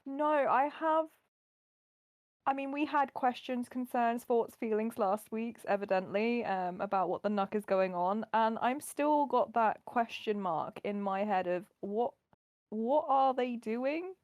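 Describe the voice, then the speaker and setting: A tired woman co-hosting a casual podcast from her bed, speaking bluntly. She talks very slowly in a slightly high voice. The sound is close and dry. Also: darkish tone, no echo. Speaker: podcast co-host. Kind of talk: casual chat. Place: in bed at home.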